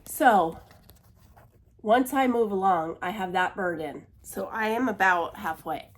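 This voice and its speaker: A woman talks casually through her stitching projects at a middle pitch. She laughs at herself and apologizes often. Now and then she drops to a near-whisper when she fumbles. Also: measured pace. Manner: chatty, self-deprecating, laughs and apologizes often. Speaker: cross-stitch vlogger. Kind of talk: casual chat.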